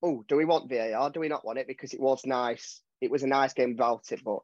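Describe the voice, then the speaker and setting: Man, football podcast co-host, opinionated, animated, dull lo-fi sound. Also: medium pitch, dry recording. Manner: animated, opinionated, quick asides. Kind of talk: casual football podcast chat.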